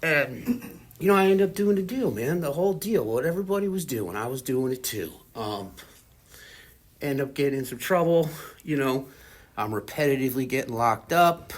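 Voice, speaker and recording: Husky man telling his recovery story. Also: medium pitch, lively intonation, moderate pace. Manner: casual, rambling, heavy on "you know" and "like"; candid and self-deprecating about his past. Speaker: speaker at a recovery fellowship meeting. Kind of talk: personal recovery testimony.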